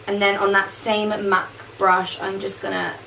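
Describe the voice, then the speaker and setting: A woman's voice: medium pitch, little pitch movement, moderate pace, vocal fry, sharp tone, a little hiss or hum. Chatty woman, a bit far from the mic. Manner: chatty, says "like" often. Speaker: makeup vlogger. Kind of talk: casual makeup tutorial talk.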